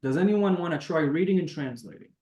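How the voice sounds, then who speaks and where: A man teaching a beginner language class over a video call, patiently explaining each step and sounding out words slowly. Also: a little high, lively intonation, mellow, reverberant, muffled recording. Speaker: Hebrew teacher.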